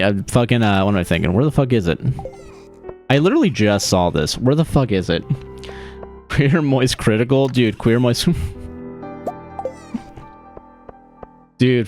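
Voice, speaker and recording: Laughing young man streaming a farming game. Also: on the low side. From Florida. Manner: rambling, laughing often, swearing freely. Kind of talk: casual livestream chat while gaming.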